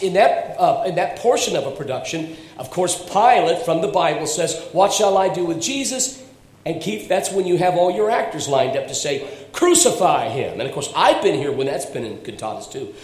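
A man's voice: fairly high pitch, darkish tone, roomy sound, low-quality recording. A male pastor preaching a sermon, talking animatedly and calling on congregation members by name. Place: church sanctuary.

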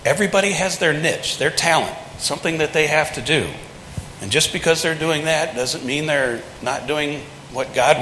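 A man's voice: medium pitch, fairly bright tone, slight background noise. A man preaching a sermon from the pulpit in a folksy, conversational way, acting out quotes in plain everyday speech. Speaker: pastor. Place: large church sanctuary. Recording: echoey hall with long reverb.

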